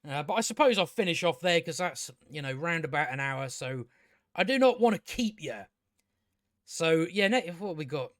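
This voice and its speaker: Young male reviewer, slightly high voice, rambling and sarcastic, dry close mic. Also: animated, moderate pace, fairly bright tone, no echo. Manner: rambling, sarcastic, sweary, many restarts. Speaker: TV episode reviewer.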